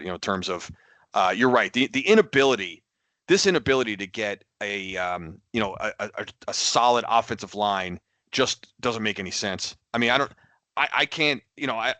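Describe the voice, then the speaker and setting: A man's voice: lowish voice, bright, forceful tone, no echo. A man co-hosting a podcast in casual sports chat, rambling and exasperated, with many restarts and repeated words. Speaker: podcast co-host.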